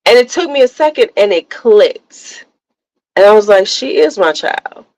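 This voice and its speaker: A woman's voice: medium pitch, expressive, unhurried, darkish tone, no room sound, poor audio. A middle-aged woman hosting a casual motivational talk, speaking emphatically and candidly, repeating her points for stress. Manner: candid storytelling. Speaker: host.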